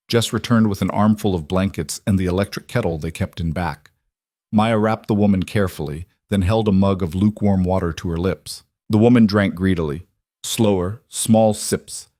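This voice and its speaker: Brief: male narrator, low voice, steady scripted storytelling, dry close recording. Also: moderate pace, no echo.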